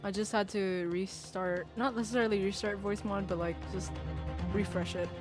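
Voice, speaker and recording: A woman's voice: mid-range voice, steady tone, normal speed, over music. A woman streamer in casual chat who talks through a voice changer filter, giggling often and rambling in a self-deprecating way.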